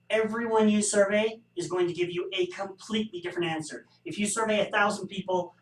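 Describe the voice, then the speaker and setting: A man with a high, fairly bright voice gives a recorded statistics lecture about survey bias, peppered with wry jokes. The audio comes from a far-off microphone in a reverberant room.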